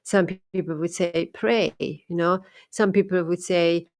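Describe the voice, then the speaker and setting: A woman's voice: on the low side, flat delivery, normal speed, darkish tone, dry recording. A woman talking thoughtfully about her experiences as a medium, often repeating and restarting words. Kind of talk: casual monologue.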